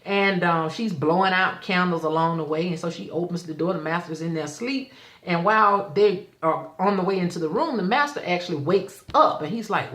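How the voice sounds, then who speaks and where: A woman, casually recapping a TV episode in animated storytelling and acting out the characters' lines. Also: fairly low pitch, fairly quick, echoey room. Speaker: show host reviewing a TV episode.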